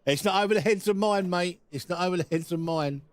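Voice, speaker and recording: Male sim racing streamer, slightly high voice, unhurried teasing banter, dry sound. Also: no echo. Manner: teasing, laughs often, repeats words. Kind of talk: casual live-stream chat.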